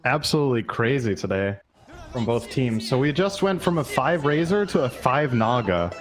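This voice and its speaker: A man's voice: mid-range voice, lively intonation, moderate pace. A man commentating an esports match live, breaking down plays analytically and thinking aloud. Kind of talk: casual live game commentary.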